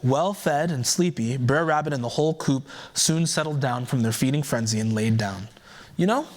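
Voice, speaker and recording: A man giving a keynote by telling a folktale aloud in a relaxed storytelling manner, adding conversational asides as he goes. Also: medium pitch, normal speed. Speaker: keynote speaker. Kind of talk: oral storytelling.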